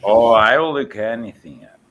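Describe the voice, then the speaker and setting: Bright-voiced Dutch man, rambling. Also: normal speed, slight background noise. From Netherlands. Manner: rambling, joking, theatrical swings in pitch. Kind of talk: casual chat.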